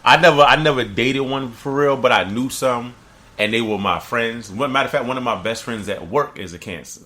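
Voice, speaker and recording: A man co-hosting a casual podcast chat, animated, acting out quotes in a high voice. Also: brisk. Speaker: podcast co-host.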